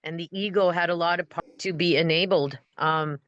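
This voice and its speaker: A woman's voice: on the low side, steady tone, normal speed, fairly bright tone, no room sound. A woman guest on a recovery podcast, speaking in a hesitant, reflective way. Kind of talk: casual recovery podcast chat. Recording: dull lo-fi call audio.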